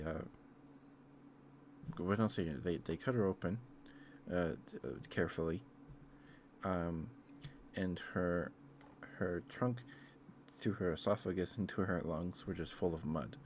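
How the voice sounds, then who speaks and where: A man rambling in a soft-spoken ASMR style, hesitant and full of fillers, tender and easily moved. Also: low-pitched, slight background noise. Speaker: ASMR streamer.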